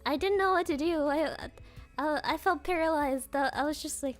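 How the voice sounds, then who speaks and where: Super high-pitched young streamer girl, slow rambly chat, lots of giggles, soft music in back. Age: young adult. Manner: giggly, rambling storytelling with many fillers. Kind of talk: casual chat with viewers.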